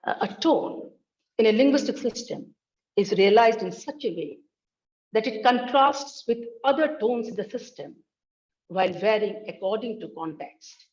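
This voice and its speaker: A woman's voice: mid-range voice, expressive, normal speed, a little mellow, muffled recording. A woman giving an academic talk on linguistics, speaking carefully and demonstrating tones with examples. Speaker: linguistics researcher presenting.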